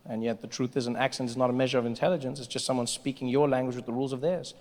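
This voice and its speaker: A man doing a stand-up routine, telling stories with animated delivery and quick accent switches. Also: medium pitch, in a large hall, soft background music. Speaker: stand-up comedian.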